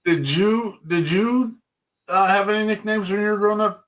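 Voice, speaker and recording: A man's voice: high voice, moderate pace, a bit bright, poor audio. A man co-hosting a casual livestream chat over a video call, with teasing, joking banter. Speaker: co-host. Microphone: video call setup.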